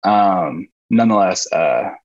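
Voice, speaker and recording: A man's voice: sits low, lively intonation, takes it slowly, highs cut off. A young man, a former college football player, chatting as a podcast guest and telling rambling stories with fillers and laughs. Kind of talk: casual storytelling chat.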